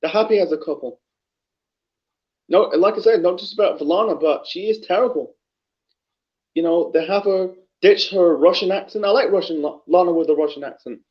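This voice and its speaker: Angry high-voiced man ranting, lo-fi. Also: moderate pace. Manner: angry, profane, rambling with restarts. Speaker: wrestling reviewer. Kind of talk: unscripted rant review.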